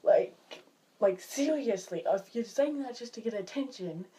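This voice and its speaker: A woman's voice: fairly high pitch, expressive, a little slow, warm tone. A woman vlogging in a casual, chatty way, sounding exasperated and filling her talk with "like". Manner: chatty, exasperated, filler-heavy with "like". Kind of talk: casual vlog chat.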